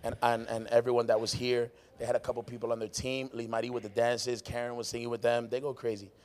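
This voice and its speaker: Excitable man hosting a podcast. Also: mid-range voice, quick pace. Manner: excitable, laughs a lot, rambling. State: losing his voice. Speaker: podcast host and worship musician. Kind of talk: casual chat. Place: warehouse-style venue after a live show.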